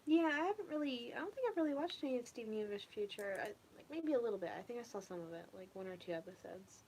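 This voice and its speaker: A young woman chatting casually with viewers in a relaxed, rambling way, often trailing off into a near whisper. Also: fairly high pitch, fast talker, slight background noise. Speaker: ASMR streamer chatting with viewers. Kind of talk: casual soft-spoken chat.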